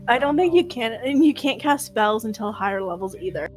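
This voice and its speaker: A woman's voice: fairly high pitch, lively intonation, brisk, soft background music. A woman playing a tabletop game, chatting casually with short, matter-of-fact replies. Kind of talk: casual chat between players.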